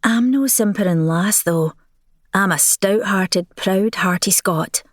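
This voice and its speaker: A woman's voice: mid-range voice, takes it slowly, dry recording, clean studio sound. A woman voicing a proud, nervous young Scottish noblewoman in an audiobook, speaking earnestly with a Scottish brogue. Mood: defiant.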